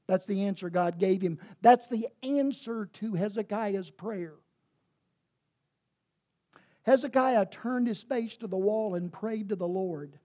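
A woman preaching a sermon, retelling a scripture story and paraphrasing it in emphatic, lively bursts. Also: medium pitch, a little slow.

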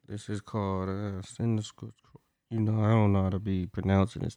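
A man's voice: lowish voice, little pitch movement, moderate pace, mellow, clear, resonant tone, dry recording. Laid-back, slangy man hosting a podcast. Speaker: podcast host. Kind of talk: casual podcast chat.

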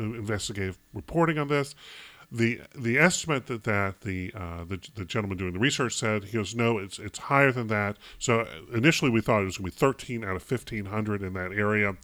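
A man from Chicago co-hosting a casual movie review chat, rambling and halting with many fillers. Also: on the low side, a bit bright, no room sound. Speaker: podcast co-host.

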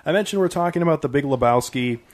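A man's voice: on the high side, animated, fast. A man hosting a casual film podcast, joking and swearing loosely with his co-hosts. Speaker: podcast host.

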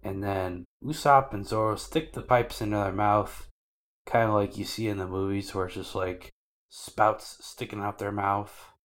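A man's voice: on the low side, fairly even intonation, a little slow, a bit bright. A man co-hosting a podcast, casually recapping anime episodes in loose slangy talk and acting out the characters' lines.

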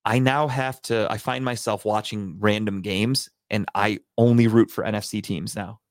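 A man's voice: on the low side, steady tone, moderate pace, dry recording, clean studio sound. Casual man recapping football scores. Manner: profane, rambling. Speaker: podcast co-host. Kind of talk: casual sports chat.

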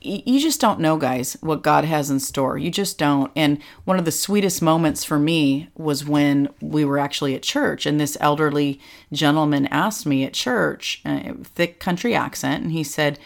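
Low gravelly woman chatting. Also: moderate pace, hardly any pauses. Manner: chatty, animated storytelling. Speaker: co-host. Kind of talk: casual chat.

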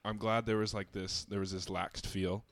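A man guesting on a casual podcast, talking in a relaxed, friendly way about his photo work. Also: on the low side, normal speed, dry recording. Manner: relaxed, friendly, lots of restarts.

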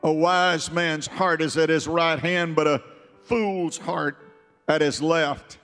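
A male preacher delivering a fervent sermon, repeating phrases and building to shouts. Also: fairly high pitch, fairly even intonation, slow pace, in a large hall, soft background music.

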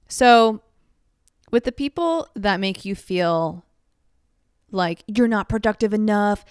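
A woman's voice: mid-range voice, smooth, dry recording, studio quality. A woman giving casual advice to the camera, chatty and self-mocking, full of "like" and little laughs.

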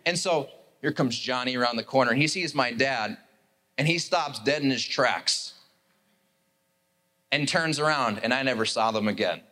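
A man's voice: medium pitch, moderate pace, long pauses, pushed and bright. A male pastor preaching a sermon, telling a story with animation and acting out the characters.

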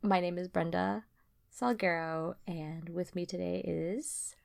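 This young podcast co-host speaks in a lowish voice with a gravelly fry, taking her time. She rambles through casual conversation full of fillers, laughter repeatedly cutting in.

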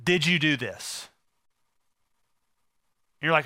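A male pastor preaching a sermon, telling a story and often sinking to a hushed, soft delivery at tender moments. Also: high-pitched, expressive, normal speed, no room sound.

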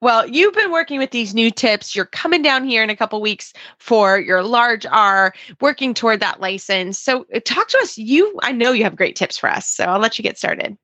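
Upbeat female co-host, bright, slightly high voice, dry studio sound. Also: animated, normal speed, hardly any pauses, no echo, lo-fi sound. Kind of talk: casual radio show chat.

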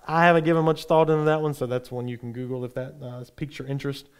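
A man's voice: mid-range voice, level tone, quick pace, clean tone. Man teaching a Bible lesson, explanatory. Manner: explanatory, with frequent "you know" and "uh" fillers.

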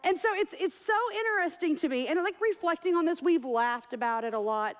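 A woman delivers a sermon in a church. Her voice sits high, and she tells her stories in a chatty, joking way, often teasing herself. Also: animated, brisk. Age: 40s. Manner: chatty, self-deprecating storytelling. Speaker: pastor.

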